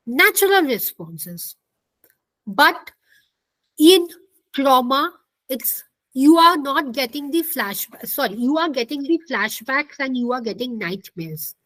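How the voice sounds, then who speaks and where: A woman's voice: high-pitched, expressive, slow pace, pushed and bright, dry recording, poor audio. A woman lecturing an online counselling class, explaining step by step, repeating points and asking the class questions. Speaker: counselling instructor.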